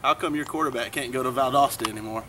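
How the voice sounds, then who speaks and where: A man's voice: medium pitch, quick pace, noisy background. Teasing guy talking trash. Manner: teasing, mock-scolding. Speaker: college football fan. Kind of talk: comedic trash talk.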